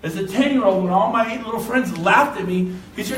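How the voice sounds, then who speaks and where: An older man giving a motivational real estate talk to an audience, telling lively stories and breaking into shouts and laughs. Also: high voice, brisk, slight background noise. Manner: animated storyteller, shouts and laughs. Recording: echoey room from a distance.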